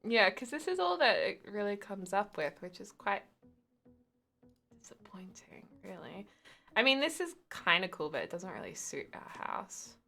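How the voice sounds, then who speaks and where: A woman's voice: mid-range voice, sing-song, moderate pace, vocal fry, pushed and bright, soft background music. A woman streaming a game, chatting casually and often breaking into giggles. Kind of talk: casual live-stream chat while gaming.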